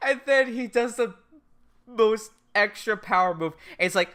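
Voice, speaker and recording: A woman's voice: on the high side, normal speed, a bit bright. A woman co-hosting a casual podcast chat, eagerly chiming in, agreeing and swearing now and then. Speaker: podcast co-host.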